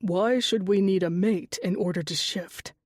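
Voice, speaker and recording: A woman's voice: a little slow, a little mellow, no room sound, clean studio sound, lightly acted. A woman reading the part of a brooding young male shapeshifter commander who snaps and growls, in an audiobook. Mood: irritated. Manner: gruff, snapping, growled low.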